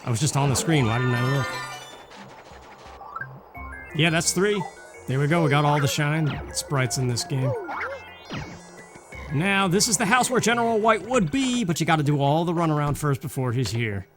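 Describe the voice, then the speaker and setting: A man's voice: a little high, animated, moderate pace, long pauses. A young man hosting a let's play, giving rambling, casual gameplay commentary and thinking aloud. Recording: game music behind.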